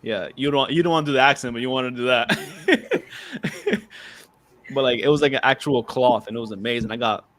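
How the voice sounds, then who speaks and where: A young man hosting a podcast in casual chat, animated, saying "bro" and "yo" a lot. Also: mid-range voice, brisk. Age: young adult. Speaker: podcast host.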